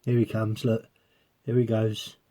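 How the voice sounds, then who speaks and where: A man's voice: on the low side, monotone, unhurried, mellow. A man vlogging as a coin collector, chatting casually to viewers and breaking into giggles as he rambles on. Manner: giggly, keeps breaking into laughter; rambling, talking while peering through a magnifier.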